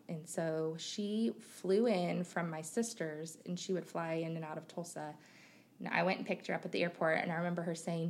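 A woman's voice: on the low side, fairly even intonation, normal speed. A woman in her thirties from Missouri, speaking as a podcast guest with open, reflective talk and frequent fillers. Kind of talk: candid conversational interview.

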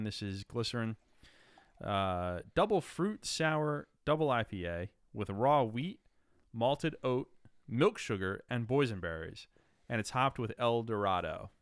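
A man's voice: medium pitch, clear, resonant tone, dry recording, studio quality. Rambling man hosting a beer tasting. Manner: rambling, joking, lots of fillers and restarts. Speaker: podcast host. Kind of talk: casual beer-tasting chat. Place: room in New Jersey.

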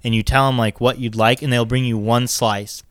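A man's voice: mid-range voice, fairly even intonation, normal speed, fairly bright tone, smooth, no room sound. A man chatting casually as a podcast co-host, dry and matter-of-fact with a teasing edge. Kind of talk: casual chat.

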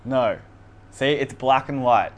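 A man's voice: mid-range voice, slow. A man preaching a casual sermon, who reads scripture aloud with emphasis and laughs often, over faint room noise. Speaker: pastor.

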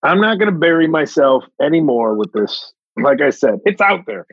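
A man's voice: a little high, moderate pace, vocal fry, husky, no room sound, dull audio. A man who is a comedian, joking about himself as a podcast guest in casual chat. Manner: self-mocking, animated, drawled asides.

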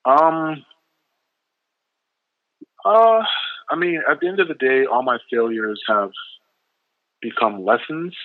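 A man's voice: medium pitch, expressive, takes it slowly, pauses often, dry recording. A Canadian man with a Canadian accent, a rapper talking as a guest in a casual interview and rambling easily with lots of fillers. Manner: easygoing, rambling with many fillers. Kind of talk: casual interview over the phone. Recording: tinny dry phone line.

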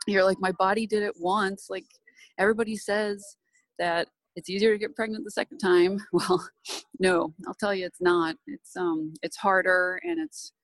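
A woman's voice: mid-range voice, fairly even intonation, normal speed, no echo, rough recording. A woman in her thirties candidly telling a painful personal story, tearful at times, recorded at an airport. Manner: candid, emotional, laughs through tears.

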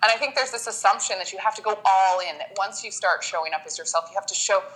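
A woman's voice: medium pitch, quick pace, rough recording. A woman guest in a casual interview, telling her story with feeling and acting out what people say. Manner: emotional, animated storytelling with acted-out quotes.

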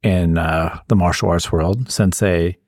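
A man co-hosting a podcast, relaxed and a bit hesitant, with many fillers. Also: low-pitched, measured pace, no echo, studio quality. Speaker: podcast co-host. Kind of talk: casual podcast chat.

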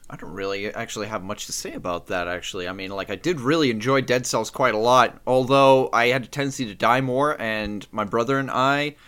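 A man co-hosting a casual gaming podcast, telling anecdotes in an animated way and laughing often. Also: medium pitch, brisk, hardly any pauses, clean tone. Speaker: podcast co-host.

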